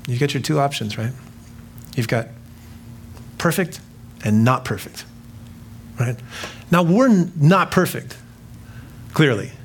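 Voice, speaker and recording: A man's voice: medium pitch, expressive, slow, vocal fry, long pauses, a little hiss or hum. A man pastor preaching a sermon in a casual, joking way, acting out quoted voices and laughing at himself.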